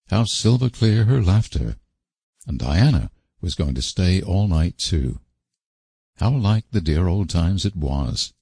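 A man reads a classic novel aloud in a low, gravelly voice with a husky grain. His pitch moves a lot as he tells the story, and the close, dry recording has no room sound. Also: no echo. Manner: measured, expressive reading. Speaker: narrator. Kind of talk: audiobook narration.

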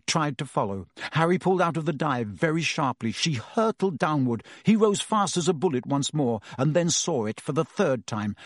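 A man reading a story aloud as an audiobook narrator, with a lively, dramatic delivery. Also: mid-range voice, no room sound, clean studio sound.

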